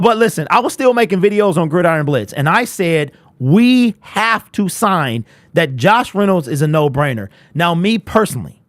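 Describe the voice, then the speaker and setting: A man's voice: fairly high pitch, no room sound, studio quality. Chatty young man hosting a live stream. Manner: animated, chatty, reads out chat comments. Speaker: host of a fan livestream. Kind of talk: casual live-stream chat.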